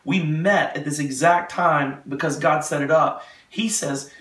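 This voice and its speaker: Homme au ton animé, voix assez haute, salle qui résonne. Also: male voice, a little high. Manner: animated, fast retelling with acted quotes. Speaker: speaker giving a testimony. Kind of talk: animated storytelling testimony. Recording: echoey room, mic far off.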